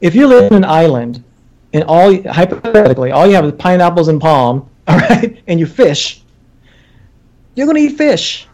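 A man in a casual debate chat, talking in an emphatic, animated way as a vegan guest. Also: sits high, normal speed.

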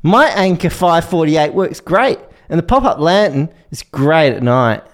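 A man reading a short ad line in a put-on Queensland Australian accent, slow and deliberate. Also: fairly high pitch, expressive, voice pushed up. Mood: mock sincere.

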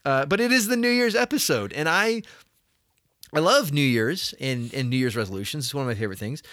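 A man's voice: mid-range voice, fairly quick, dry recording, clean studio sound. A middle-aged man hosting a podcast in casual chat, joking at his own expense and often restarting his sentences. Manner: animated, jokey, self-deprecating with frequent restarts. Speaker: podcast host.

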